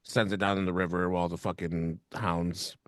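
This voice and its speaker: A man's voice: deep voice, level tone, normal speed, dry recording, clean studio sound. A man co-hosting a podcast in casual chat, laughing often and chiming in with loose, profane remarks. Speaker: podcast co-host.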